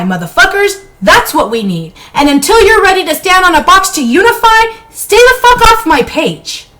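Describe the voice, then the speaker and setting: A woman with a high voice rants bluntly during a live stream from her bedroom. Her speech is heated and full of swearing, and it is unscripted. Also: sharp tone, a little hiss or hum, low-quality recording.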